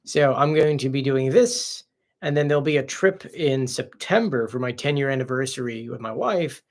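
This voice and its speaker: Gravelly-voiced man hosting a casual live stream. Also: mid-range voice, animated, moderate pace. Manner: chatty, reads out viewer comments and answers off the cuff. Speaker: live-stream host answering viewer questions.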